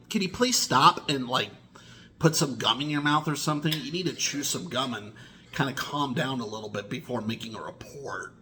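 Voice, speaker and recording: Man vlogger, unhurried rambling monologue, bright edgy tone, pitch and volume jumping around. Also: slight background noise. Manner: slow, deliberate, with sudden swings in pitch and loudness. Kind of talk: rambling personal monologue to camera.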